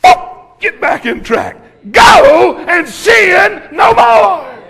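A man voicing Jesus as a gentle, forgiving teacher in a sermon retelling. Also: very high voice, big pitch swings, extremely slow, creaky, long reverb tail, pitched above the performer's own voice, heavily acted. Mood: solemn.

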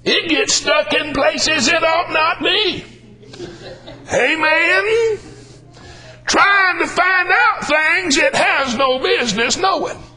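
A man's voice: very high voice, slow, hardly any pauses, pushed and bright, poor audio. An older man preaching a humorous sermon, folksy and drawling, calling out lines for emphasis.

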